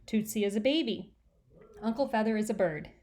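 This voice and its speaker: A woman's voice: medium pitch, expressive, fairly quick, dark tone, lightly acted. A woman voicing a firm, fussy mother who sounds slightly exasperated, in a storybook reading.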